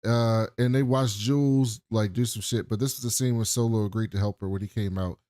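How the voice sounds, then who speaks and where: A man's voice: on the low side, fairly even intonation, brisk, dark tone, no room sound, clean studio sound. A man co-hosting a podcast, casually recapping a TV episode in a loose, profane storytelling way. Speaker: podcast co-host.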